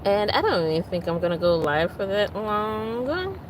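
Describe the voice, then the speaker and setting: A woman's voice: mid-range voice, sing-song, moderate pace, background noise. A woman hosting a casual livestream, chatting and venting while greeting viewers by name. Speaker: livestream host.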